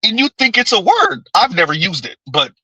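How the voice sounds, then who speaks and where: Male livestream host, bright and slightly high, rambling and repetitive, laughs a lot, dry close sound. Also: huge pitch swings, brisk, slightly rough, dry recording, poor audio. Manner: rambling, repeats himself, laughs often. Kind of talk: casual live chat reading comments.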